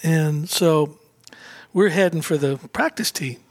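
A man, a guest on a talk show, telling an anecdote in a casual, animated way, acting out quotes and laughing often. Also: fairly high pitch, slow pace, dry recording. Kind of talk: casual storytelling interview.

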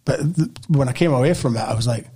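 A middle-aged man with a Scottish accent spins a rambling story in relaxed chat. His voice is husky and sits at an ordinary pitch. He laughs through it and acts out the voices in his tale. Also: quick pace. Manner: animated storytelling, laughs often, acts out quotes. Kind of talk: casual anecdote chat.

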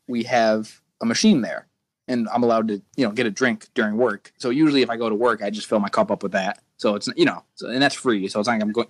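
A young man co-hosting a podcast, rambling through casual rants with frequent restarts. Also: lowish voice. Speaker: podcast co-host. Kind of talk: casual chat.

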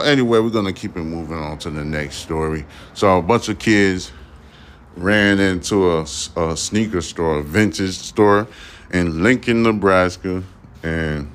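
Man, very low voice, young adult, solo podcast host, casual and profane, rambling news commentary. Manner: loose, profane, rambling with many fillers.

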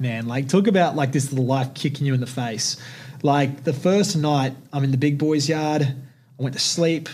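A man's voice: medium pitch, darkish tone. A young man hosting a podcast, telling personal stories in a blunt, intense and heavily profane way. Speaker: podcast host. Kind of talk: casual podcast storytelling.

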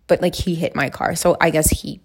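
A woman's voice: sits low, fairly even intonation, fairly quick, gravelly, a little hiss or hum. A young woman in her twenties chatting casually as she answers question prompts, rambling with lots of fillers. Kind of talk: casual chat.

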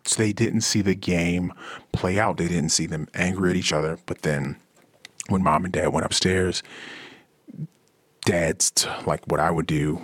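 Low-pitched and a little slow, with a breathy edge and no echo, a podcast host talks through a casual monologue. He's animated and acts out the voices of the people he quotes.

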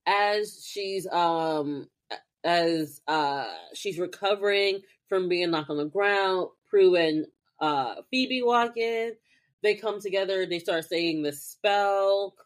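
A woman's voice: on the low side, slow pace. A woman co-hosting a casual podcast, recapping a TV episode and acting out the characters' lines in a heightened voice. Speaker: podcast co-host.

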